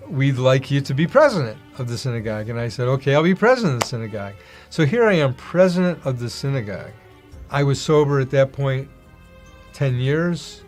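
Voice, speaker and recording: A man's voice: mid-range voice, a little mellow. A man giving a personal testimony, telling his story vividly and acting out the dialogue in it. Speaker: testimony speaker.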